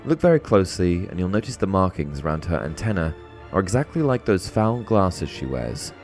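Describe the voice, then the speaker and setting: A man reading the lines of a clever, rule-bound young witch from a book, in a brisk, pleased way. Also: low voice, very animated, darkish tone, faint music behind. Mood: smug.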